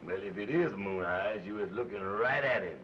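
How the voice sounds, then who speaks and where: An actor playing a slow, deadpan roommate who sleepwalks, in a 1940s film comedy. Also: male voice, lowish voice, lightly acted. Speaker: comic film character. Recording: dull old film soundtrack with faint hiss.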